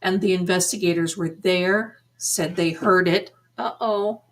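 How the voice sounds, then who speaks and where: A woman's voice: fairly low pitch, a little slow, rough recording. A middle-aged woman hosting a live psychic tarot reading, musing aloud and chatting to her viewers and her cats. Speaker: psychic medium livestream host.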